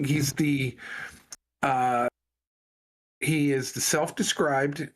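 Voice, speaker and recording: This co-host's voice is fairly high and a bit bright, moving at a measured pace. Chatting casually on a podcast, he spins a long story full of fillers and frequent restarts.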